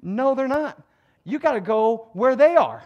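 A man with a strikingly high voice preaches a sermon as pastor, animated and joking. He swings from quiet asides to loud exhortation. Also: a little slow, lo-fi sound.

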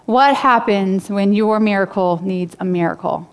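A woman's voice: medium pitch, unhurried, clear, resonant tone. A woman pastor giving a sermon in a casual, conversational way, retelling a story and speaking to her church. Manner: casual, conversational preaching with fillers.

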